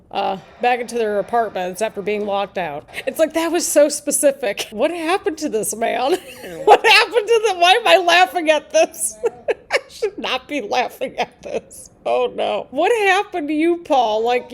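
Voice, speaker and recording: A woman hosting a casual live reaction video, chatty and animated, laughing often as she comments. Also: a little high. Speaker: YouTube reaction host.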